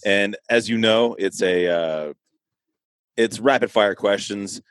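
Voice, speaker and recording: A man's voice: lowish voice, takes it slowly, fairly bright tone, no room sound, poor audio. A man hosting a podcast in a laid-back, joking way. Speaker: podcast host.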